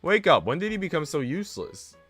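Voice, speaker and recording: Brief: man doing a heated, perfectionist young shopkeeper woman in a game, stern and lecturing, lively pitch. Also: brisk, faint music behind. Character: fussy perfectionist young woman dumpling-shop owner.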